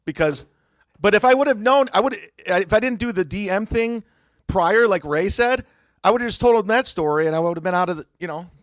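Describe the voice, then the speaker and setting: Brief: young male comedian, slightly high voice, defensive, rambling anecdote, dry close podcast sound. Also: expressive, fairly quick, a bit bright, dry recording. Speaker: comedian guest. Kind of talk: casual podcast storytelling.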